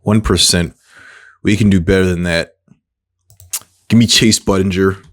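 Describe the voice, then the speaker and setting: A man's voice: sits low, a little slow. Man thinking aloud over a trivia game. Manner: thinks aloud, self-mocking, excitable exclamations. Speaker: gaming creator. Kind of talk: casual gameplay commentary.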